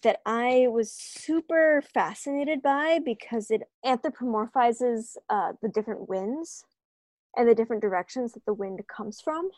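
Excitable woman, chatty and gushing. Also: on the high side, unhurried, no room sound. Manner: gushing, excitable, talks with "like" fillers. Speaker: podcast co-host. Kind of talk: casual chat.

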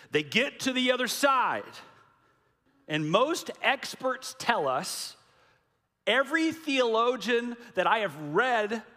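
A man's voice: sits high, sharp tone. A man preaching a sermon in a dramatic, emphatic way, repeating key lines for weight. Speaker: pastor. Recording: long hall reverb.

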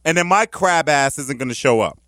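A man's voice: on the high side, lively intonation, fairly quick, dry recording, studio quality. A man co-hosting a podcast, bantering crudely and ranting in a brash, teasing way. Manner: brash, teasing, loud rants. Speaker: podcast co-host.

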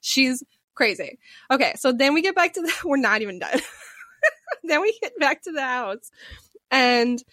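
Lady cohost rattling off a wild story, highish voice, dry sound, lots of laughing and swearing. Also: normal speed, long pauses, no room sound. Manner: animated storyteller, swears freely, laughs often. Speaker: podcast co-host. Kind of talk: casual chat.

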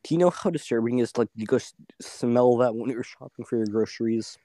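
A man's voice: medium pitch, quick pace, mellow, dry recording. A young man in casual podcast chat, teasing the others. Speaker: podcast co-host.

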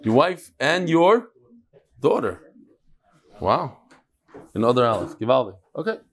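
Very animated but measured in pace, a rabbi with a mid-range voice teaches a casual daily class in a study hall before a live audience. Between lessons he banters and jokes with the room.

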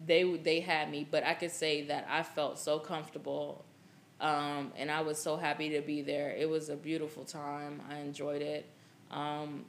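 A woman's voice: sits low, slight background noise. A young woman hosting a podcast, telling a story in a casual, profane, laughing way. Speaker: podcast host.

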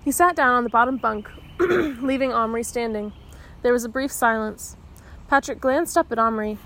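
A woman reading a children's novel aloud, expressive, giving the dialogue its own voices. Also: fairly high pitch, moderate pace. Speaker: audiobook reader.

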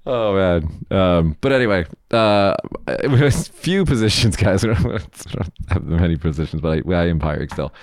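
A man from the States with a fairly low voice, rambling easily through news items on a casual podcast. He swears offhand and keeps a loose, chatty flow. The sound is close and dry, with no room around it. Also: expressive, moderate pace, few pauses, darkish tone, no room sound. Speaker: podcast host.

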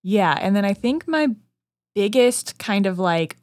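A woman co-hosting a casual podcast, talking in quick chatty bursts full of "like". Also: medium pitch, expressive, darkish tone, no room sound, clean studio sound. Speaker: podcast co-host, first-time reader.

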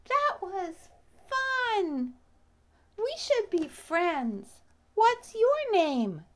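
Woman doing a squeaky little storybook bee, giggly and friendly. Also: very slow, full character voice. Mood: cheerful. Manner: high, excited and giggly. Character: giggly friendly male bumblebee, small and bouncy.

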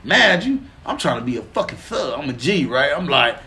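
A man from Pine Bluff, Arkansas, co-hosting a podcast and telling a long story in casual, profane slang. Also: normal speed. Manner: animated, profane, slangy, often lowers voice then bursts up laughing. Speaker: podcast co-host.

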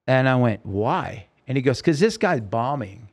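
A man of middle pitch recounting his early years as a guest on a podcast interview. He is an animated storyteller who acts out the lines of the people in his story. He speaks into a podcast microphone. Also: measured pace.

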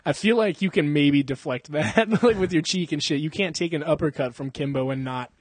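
A young man talks in a casual chat, swearing freely and laughing through his animated stories. His voice sits a little high and sounds husky. The recording is dry and close. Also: brisk, dry recording. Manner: profane, laughing, animated storytelling. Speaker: podcast host.

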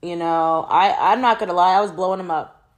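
A woman's voice: lowish voice, fairly quick. A young woman venting frankly about a bad relationship, swearing often and rambling with restarts. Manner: frustrated and exasperated. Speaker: vlogger. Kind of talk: candid personal vent.

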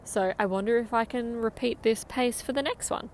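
A woman's voice: a little high, moderate pace, slight background noise. A woman coaching a guided interval run outdoors, upbeat and encouraging as she counts down. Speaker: running coach.

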